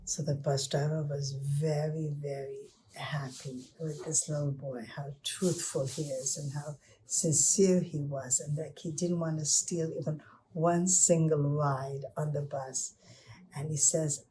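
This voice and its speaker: Storyteller woman, low and warm, informal pace with restarts. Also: fairly even intonation, a little slow, slight background noise. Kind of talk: telling stories to children.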